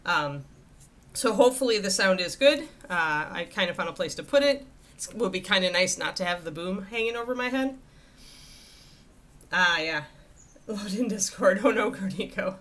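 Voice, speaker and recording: A woman's voice: mid-range voice, expressive, normal speed, long pauses, fairly bright tone. A woman livestreaming from home, chatting casually and rambling with a laugh while talking into a desk microphone. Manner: chatty, rambling, self-amused. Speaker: livestreamer painting miniatures. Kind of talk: casual live-stream chat. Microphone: desk USB microphone at face level.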